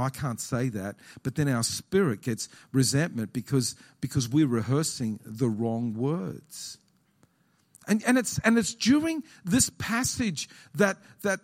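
Animated preaching man, lively pitch. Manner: animated preaching, repeating key phrases, questioning the congregation. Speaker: pastor. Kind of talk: sermon. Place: auditorium.

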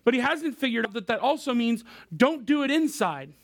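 A man's voice: very high-pitched, big pitch swings, normal speed. A man in his thirties preaching a casual, conversational sermon as a youth pastor, addressing the crowd directly.

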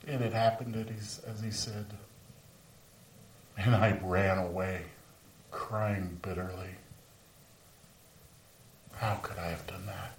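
A man's voice: low-pitched, fairly even intonation, takes it slowly, vocal fry, long pauses, a little hiss or hum, full character voice. A man performing a first-person dramatic monologue as the apostle Peter, remorseful over his denial, speaking earnestly in a large room and dropping to whispers at moments of grief. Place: large room with a live audience. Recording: roomy sound from a distant mic.

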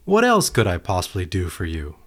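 Guy doing god, calm and patient, gently scolding. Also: low-pitched, fairly quick, heavily acted. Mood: gentle.

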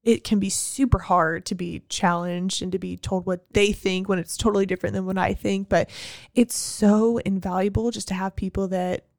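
A woman's voice: medium pitch, fairly even intonation, normal speed, vocal fry, darkish tone, dry recording, clean studio sound. A young adult woman and business owner, talking earnestly and encouragingly in a casual motivational monologue, with frequent fillers and restarts. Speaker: business owner and team leader.

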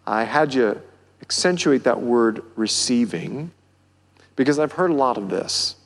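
A pastor with a Southern country accent preaching a sermon, building to near-shouts on key phrases. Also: male voice, mid-range voice, animated, measured pace, gravelly. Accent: American Southern. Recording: long hall reverb.

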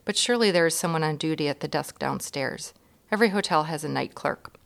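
A woman's voice: low-pitched, a little fast, vocal fry. Woman reading as a worried, soothing mother. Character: anxious caring mother of a sick boy. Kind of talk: children's storybook reading.

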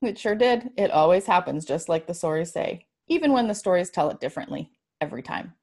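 A woman reading a story aloud in a measured storytelling manner. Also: on the low side, lively intonation, a little mellow.

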